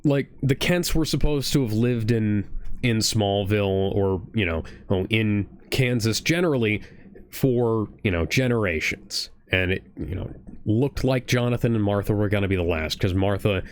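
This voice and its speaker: A man's voice: on the low side, normal speed, clean tone, dry recording. A man from Ohio co-hosting a casual reaction chat, rambling earnestly with many restarts. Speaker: podcast co-host. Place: home streaming setup.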